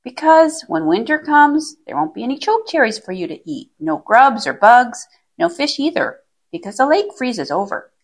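A woman's voice: on the high side, big pitch swings, normal speed, pitched above the performer's own voice. A woman doing a patient, weary mother bear. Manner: patient, firm.

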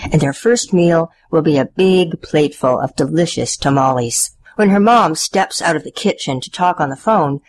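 A woman reading children's picture books aloud in an expressive, clear storytelling voice. Her voice sits slightly low for a woman. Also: poor audio.

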